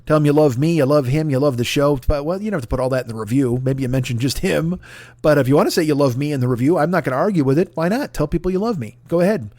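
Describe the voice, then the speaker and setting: A man in his forties chats on his podcast in a loose, rambling way, swearing freely and bragging in jest. His voice sits a little higher than most men's. The sound is dry and close, with no room around it. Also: fast, darkish tone, no room sound. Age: 40s. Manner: profane, rambling, mock-boastful. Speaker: podcast host. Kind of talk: casual comedic podcast plug.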